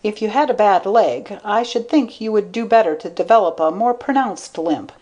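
A woman voicing a shrewd, thoughtful man who speaks in a calm, measured way. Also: medium pitch, dull audio, voice pushed up, lightly acted.

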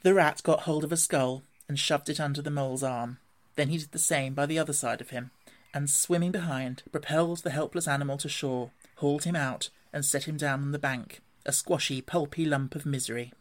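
A man reading a classic storybook aloud in an expressive, gently animated way. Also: on the high side, fairly quick. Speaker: narrator.

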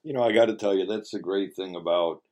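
A man's voice: sits low, fast, darkish tone, lo-fi sound. A man hosting a casual radio show and interview, talking in a joking, rambling, teasing way. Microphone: studio mic with webcam.

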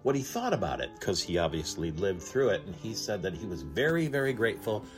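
Lower-voiced guy on talk radio rambling about his trip, string quartet going in the background. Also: very animated, a little fast. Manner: chatty storytelling. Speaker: radio host. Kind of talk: casual talk radio monologue. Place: aboard a cruise ship. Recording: string music playing behind. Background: string music.

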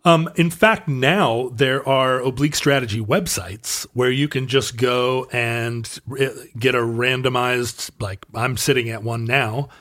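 A man's voice: medium pitch, steady tone, a little slow, hardly any pauses, fairly bright tone. A man co-hosting a podcast, explaining things casually with lots of fillers and restarts. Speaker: podcast co-host. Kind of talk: casual chat.

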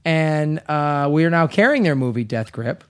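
A man's voice: on the high side, animated, normal speed, smooth. A man with a Chicago accent co-hosting a podcast, joking around and laughing often in casual chat. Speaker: podcast co-host.

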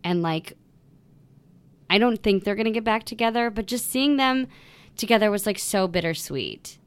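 A woman co-hosting a podcast in casual chat, gushing and animated, with lots of "like". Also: mid-range voice, normal speed, clear, resonant tone. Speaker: podcast co-host.

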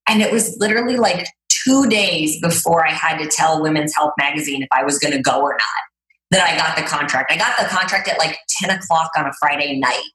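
A woman's voice: low voice, brisk, pushed and bright. A woman guest telling her story in a casual interview, chatty and full of filler words. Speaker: guest, fitness trainer. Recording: roomy echo.

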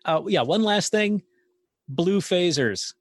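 A man's voice: high voice, animated, slow, no echo, studio quality. A man co-hosting a casual podcast chat, enthusiastic, stumbling over restarts. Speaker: podcast co-host.

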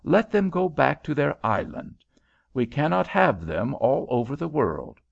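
Guy putting on a touchy patriotic frenchman, pitched way up, gravelly, muffled recording. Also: unhurried, exaggerated voice. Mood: angry. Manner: excitable, formal, bristling. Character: indignant patriotic middle-aged Frenchman. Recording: dull lo-fi home recording.

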